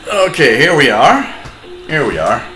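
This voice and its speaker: Slow, rambling man in an echoey room. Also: on the high side, big pitch swings, sharp tone. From Canada. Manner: rambling, many fillers and restarts. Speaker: shortwave radio show host. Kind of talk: live-streamed hobby radio talk.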